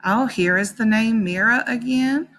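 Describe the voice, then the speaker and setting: A woman teaching a phonics lesson to young children, sounding out words slowly and encouragingly. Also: a little high, fairly bright tone.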